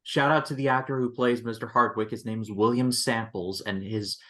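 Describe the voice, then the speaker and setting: A man's voice: mid-range voice, steady tone, brisk, fairly bright tone. A man co-hosting a casual review podcast, sharing trivia with a wry tone. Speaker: podcast co-host.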